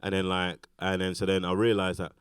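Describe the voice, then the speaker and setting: A man's voice: low voice, level tone, a little fast, smooth, dry recording, clean studio sound. A British man, an actor and interview guest, talking casually on a festival stage in a rambling way, with many fillers and restarts. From Britain. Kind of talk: casual onstage conversation.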